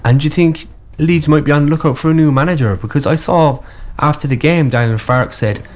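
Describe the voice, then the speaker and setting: A man hosting a casual football chat, giving measured, opinionated takes. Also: fairly high pitch, darkish tone.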